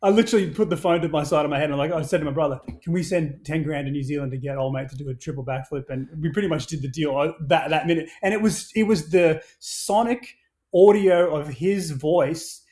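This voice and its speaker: A man on a podcast who talks in a loose, rambling way, full of restarts and swearing. His voice sits a little high for a man. He tells his stories with plenty of energy. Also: brisk. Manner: rambling, animated, swears freely, many restarts. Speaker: podcast guest, action sports brand founder. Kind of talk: casual podcast conversation.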